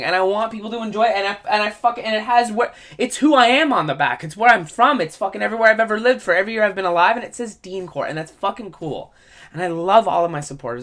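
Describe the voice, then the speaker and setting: A man's voice: sits high, animated, fast talker, fairly bright tone. A man hosting a solo comedy podcast, ranting in a rambling, profane way.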